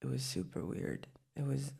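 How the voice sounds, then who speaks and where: A woman's voice: very deep voice, big pitch swings, normal speed, vocal fry, warm tone, slightly rough, full character voice. A woman in whispered role-play as a young adult girlfriend, talking in a hesitant, rambling way with lots of restarts. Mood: sleepy, tender.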